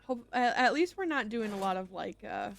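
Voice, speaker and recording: Chatty high-voiced woman streamer. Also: expressive, creaky, a little hiss or hum. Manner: chatty, rambling, quick to apologize. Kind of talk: casual gameplay commentary.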